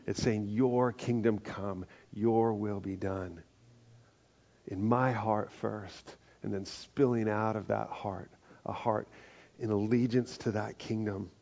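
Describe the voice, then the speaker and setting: A male pastor delivers a sermon in a conversational, unhurried way, leaning into key phrases and tossing in lively asides. His voice sits fairly low with a gravelly edge. The recording sounds slightly muffled. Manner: conversational preaching, slows for emphasis, lively asides. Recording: muffled live sermon audio.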